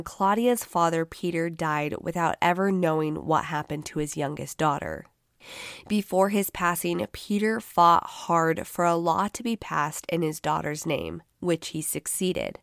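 A woman hosting a true crime podcast, with a groggy voice and a measured, sober delivery. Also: on the low side, no echo, studio quality. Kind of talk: scripted narration.

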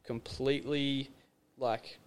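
A man's voice: medium pitch, flat delivery, takes it slowly, clear, resonant tone. A young man, a podcast guest chatting casually and telling stories in a loose, rambling way. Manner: rambling, loose storytelling with many fillers. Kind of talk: casual conversation.

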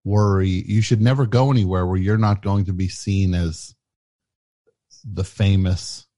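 Low, dark-voiced male host. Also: fairly even intonation, dry recording. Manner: halting, over-apologetic, stammering. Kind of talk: comedy call-in radio.

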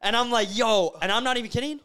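Young man, high voice, smooth and crisp tone, animated storyteller, casual podcast chat, lots of fillers. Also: fast. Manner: animated, filler-heavy storytelling with frequent "bro" and "like". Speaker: podcast host.

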